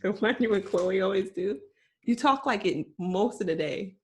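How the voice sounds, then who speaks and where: A woman host of a casual podcast, talking at a middle pitch for her sex. She is chatty and a little rambling, with easy laughter. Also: moderate pace, a little mellow.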